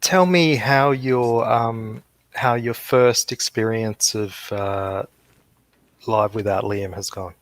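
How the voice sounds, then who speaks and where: A man hosting a livestream over a video call, talking in a relaxed, drawn-out way. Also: on the low side, no echo. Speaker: livestream host. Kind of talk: casual livestream chat.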